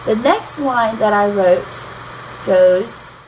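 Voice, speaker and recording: A woman's voice: mid-range voice, extremely slow, a little mellow, low-quality recording. Chatty woman teaching songwriting over noise. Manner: chatty, tapping out rhythms aloud. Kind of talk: explanatory lesson. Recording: noticeable background noise.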